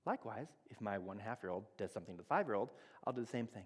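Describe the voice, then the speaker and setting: A man in his thirties with a lowish, breathy-edged voice races animatedly through a conversational sermon on relationships, hardly pausing. Speaking in a church sanctuary with a hall's long reverb, he teaches through everyday examples and acts out bits of dialogue.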